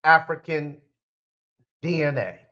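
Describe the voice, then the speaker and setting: Speaking straight to his audience in a casual, rambling solo podcast, this spiritual life coach keeps correcting himself. His fairly high voice is slow, pushed, and bright, and the sound is lo-fi.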